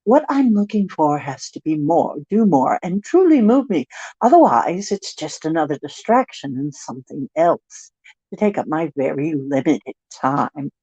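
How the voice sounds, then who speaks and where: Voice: sing-song, a little slow, warm tone, breathy edge, no room sound, lo-fi sound. A tarot reader doing a world-weary octopus. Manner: odd made-up accent, higher than usual. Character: jaded treasure-weary octopus, bored of shiny things. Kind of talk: reading card text aloud in a put-on voice.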